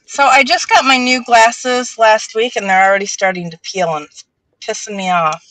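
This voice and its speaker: A woman's voice: on the high side, moderate pace, pushed and bright, no echo, low-quality recording. An easygoing, wry woman, chatting as a guest. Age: 40s. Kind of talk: casual live-stream chat.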